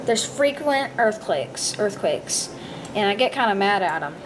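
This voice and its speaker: A woman's voice: mid-range voice, animated, unhurried, noisy background. A woman giving casual, rambling commentary over her gameplay, full of ums and uhs and goofy asides. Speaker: gameplay video maker.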